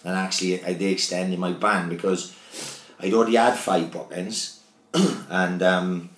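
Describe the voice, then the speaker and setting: A man's voice: low voice, little pitch movement, a little slow, a bit bright. A Welsh man, a former footballer, telling sweary stories in a casual podcast chat. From Wales. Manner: loose storytelling, heavy swearing. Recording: roomy echo.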